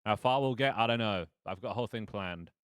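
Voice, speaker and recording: Brief: low-voiced game master, loose and chatty, swears and ums through his streamed session, dry close mic. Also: quick pace, clear, resonant tone, no echo. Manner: rambling, self-mocking, with frequent fillers and swearing. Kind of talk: casual live-stream narration of a tabletop game.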